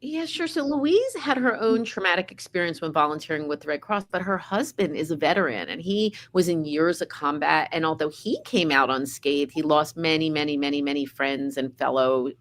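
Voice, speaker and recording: A middle-aged woman speaks as a guest author in a casual interview. Her voice sits a little low, and her manner is earnest and reflective as she explains her thinking. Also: brisk, few pauses.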